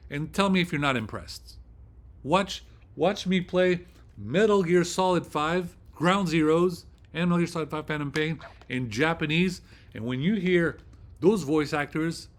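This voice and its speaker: Male vlog host, excitable profane rambler, slightly high voice. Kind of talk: casual vlog rant.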